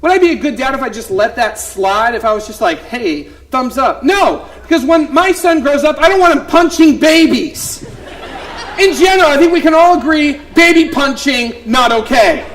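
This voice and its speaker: A man in his thirties, a preacher telling a humorous family story in a sermon, animated, swinging from hushed asides to loud punchlines. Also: extremely high pitch, normal speed, a little hiss or hum, low-quality recording.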